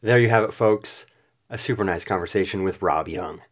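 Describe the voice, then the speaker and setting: A man's voice: low voice, normal speed. A man hosting a podcast, reading a reflective, self-deprecating outro. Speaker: podcast host.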